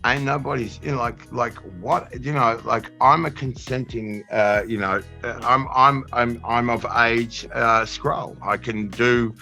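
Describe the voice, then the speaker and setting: A man, an actor being interviewed, rambling in a halting way with lots of fillers and repeats. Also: medium pitch, steady tone, sharp tone, soft background music. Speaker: actor guest. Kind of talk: casual interview chat.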